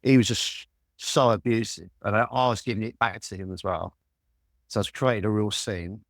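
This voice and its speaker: A London man in his sixties telling lively stories as a guest in an interview, swearing freely. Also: fairly low pitch, moderate pace, vocal fry, dry recording, studio quality. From Walthamstow, London.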